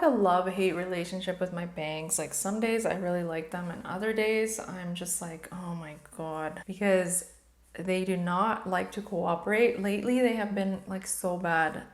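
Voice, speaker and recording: A woman's voice: on the low side, moderate pace, creaky, reverberant. A woman in her thirties chatting candidly to camera while doing her makeup, opening up about personal matters. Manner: candid, chatty, emotional at times. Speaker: beauty vlogger.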